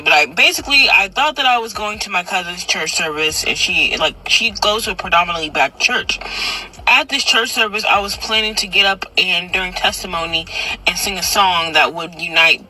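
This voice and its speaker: A person telling a personal story in casual chat, animated and acting out quotes with sudden loud, high bursts, recorded in a car. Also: normal speed, slight background noise, poor audio.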